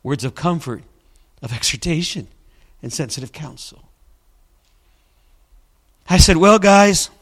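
A man's voice: medium pitch, expressive, measured pace, long pauses, fairly bright tone, husky. A male pastor preaching a sermon, telling a story dramatically with emphatic, repeated refrains.

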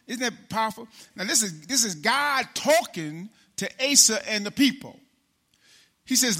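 A man preaching a casual sermon in a church, talking straight to the congregation and calling people by name, then slowing down to read scripture aloud. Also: extremely high pitch, expressive, sharp tone. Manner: conversational, addresses congregation by name, slows for scripture. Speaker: pastor.

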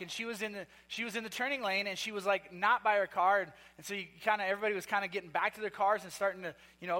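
A man's voice: high-pitched, bright, forceful tone, big-room sound. A man preaching a sermon, telling a story in a loose, conversational way with restarts and fillers. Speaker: pastor.

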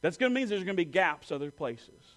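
A man's voice: high voice, animated, fast talker, fairly bright tone. A male pastor giving a sermon in a conversational way, with fillers and self-corrections, and leading the congregation in call-and-response.

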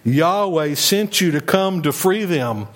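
Male pastor, fairly high voice, conversational sermon delivery, acts out the quotes. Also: animated, takes it slowly, fairly bright tone.

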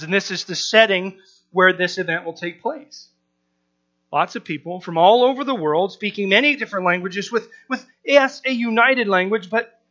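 Male preacher, high tenor, casual animated sermon, muffled recording. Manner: conversational, animated, acts out crowd reactions.

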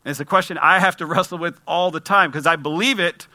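Guy preaching a sermon, super bright voice, dry close sound, chatty then reads verses with punch. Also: on the high side, fairly even intonation, fast talker, no echo. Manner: conversational preaching, reads scripture aloud with emphasis. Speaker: pastor.

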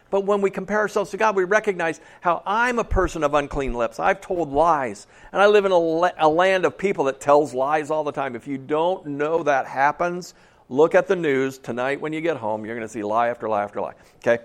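A man preaching a sermon in a conversational way, often checking in with "okay?" and dropping to a soft low voice for asides.

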